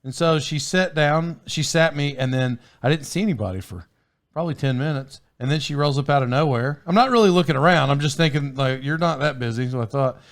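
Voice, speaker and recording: A man's voice: a little high, fairly quick. A man hosting a podcast in casual chat, telling a rambling story with frequent laughs and sidetracks. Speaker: podcast host.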